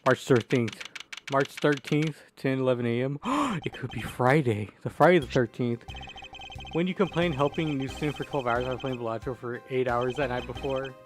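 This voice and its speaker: A man's voice: mid-range voice, moderate pace, slight background noise. A young man streaming a game, chatting casually and gasping at what he sees. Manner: excitable, gasping, playful. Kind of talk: casual gaming commentary.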